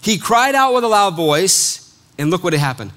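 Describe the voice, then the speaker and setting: A man preaching a sermon, reading scripture aloud and explaining it in an animated, conversational way, joking with his congregation. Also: high voice, moderate pace.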